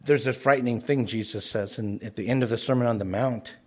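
A man's voice: mid-range voice, a little fast, darkish tone. A man preaching a sermon, earnest and often repeating words as he stresses a point. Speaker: pastor.

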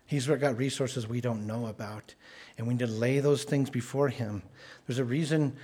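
A man's voice: medium pitch, steady tone, normal speed, darkish tone, husky. A man preaching a sermon in an earnest, conversational way, often restarting his words.

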